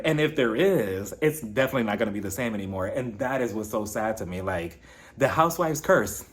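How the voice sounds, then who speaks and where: A man hosting a casual reality TV recap, talking in an animated way and now and then jumping high to mimic the cast. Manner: animated, shifts into high-pitched impressions when quoting. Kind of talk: casual commentary.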